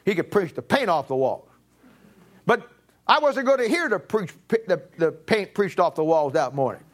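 A middle-aged man preaching a sermon, telling a personal story and swinging from emphatic peaks to low, quiet stretches. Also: big pitch swings, moderate pace. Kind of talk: sermon testimony.

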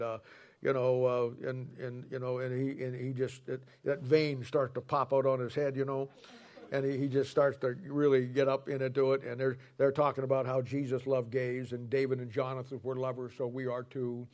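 A man preaching a sermon in a folksy, colloquial storytelling way, with emphatic points. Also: medium pitch. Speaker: pastor.

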